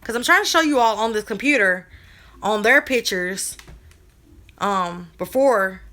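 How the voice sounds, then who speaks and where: Woman vlogger, casual talk to camera, blunt and exasperated, cusses a lot, mid-pitched voice. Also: expressive, unhurried, bright, forceful tone. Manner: irritated and blunt, swears freely; talks straight to viewers as y'all.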